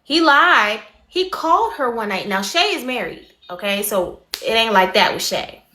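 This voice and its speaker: A woman hosting a livestream, giving her viewers a rapid, animated gossip recap and greeting them between sentences. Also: on the high side, echoey room. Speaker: livestream host.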